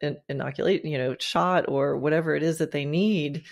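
A woman's voice: low-pitched, fairly quick, gravelly. A woman hosting a podcast interview, talking in an enthusiastic, casual way with many fillers and restarts. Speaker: podcast host.

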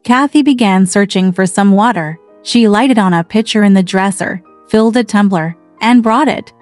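A woman reading a classic novel aloud in a measured, even storytelling manner. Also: medium pitch. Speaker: audiobook narrator. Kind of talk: literary narration. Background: faint background music.

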